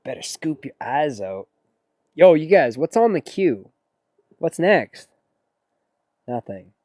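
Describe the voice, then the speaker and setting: A man's voice: fairly high pitch, very animated, slow pace, dark tone, dry recording. A man chatting casually with his stream audience between song requests, with a laid-back, sarcastic and slangy way of talking. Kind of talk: casual livestream chat.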